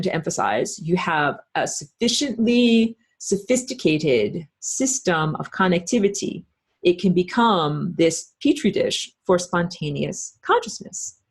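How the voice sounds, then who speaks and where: Lady teaching an online class, kinda low voice, rambles and stresses things a lot. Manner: rambling and emphatic, many fillers and restarts. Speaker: spiritual teacher.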